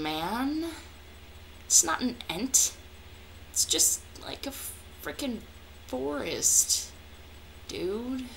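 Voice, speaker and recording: A woman's voice: fairly high pitch, fairly bright tone, slight background noise. A young woman chatting casually as a vlogger, answering viewer questions in a hyper, jokey way with plenty of swearing. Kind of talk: casual chat.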